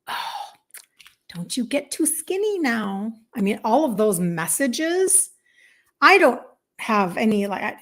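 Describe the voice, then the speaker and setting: Talking to viewers on a live stream, a woman in her fifties who works as a health coach is encouraging, emphatic, and casual, with a touch of faith, and she acts out inner voices. Her pitch is medium.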